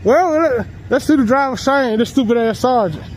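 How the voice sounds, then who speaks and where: A man with a very high voice talks back casually on the street, brash and taunting, swearing freely and breaking into laughter. He is outdoors on a sidewalk, caught on the camera he holds, with a faint hum of traffic behind him. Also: normal speed, poor audio. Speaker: citizen filming police.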